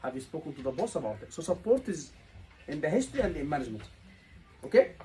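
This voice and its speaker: An exam tutor speaks to a group of students in a teaching room. The delivery is emphatic and repetitive, full of rhetorical questions. The voice sits at a mid pitch, with a faint background hum. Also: sing-song, fast talker, darkish tone, rough recording. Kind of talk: live teaching session.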